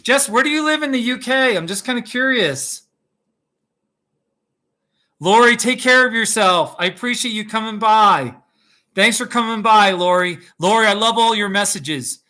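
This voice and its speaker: A man's voice: sits high, lively intonation, moderate pace, sharp tone. A man hosting a casual live stream from his home kitchen, rambling and laughing often as he chats with viewers. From United States. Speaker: YouTube host.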